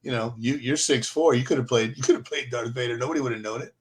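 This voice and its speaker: An older man chats casually in an ordinary middle pitch. He rambles through his stories with lots of fillers and restarts. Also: fast. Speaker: podcast co-host. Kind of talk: casual chat.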